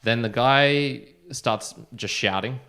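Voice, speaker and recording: A man's voice: medium pitch, slow pace, bright, forceful tone. A young man co-hosting a podcast, telling a long anecdote in casual chat, full of fillers and acted-out quotes. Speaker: podcast co-host.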